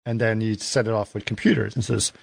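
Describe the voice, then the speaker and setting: A man's voice: on the low side, fairly even intonation, fast, vocal fry, husky, no room sound. A man co-hosting a casual movie podcast, recounting film trivia in a storytelling way. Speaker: podcast co-host.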